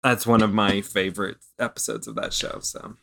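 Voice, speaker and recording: Male podcast co-host, bright mid-range voice, easygoing and laughs a lot. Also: lowish voice, fairly even intonation, normal speed, vocal fry, no room sound, studio quality. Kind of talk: casual chat.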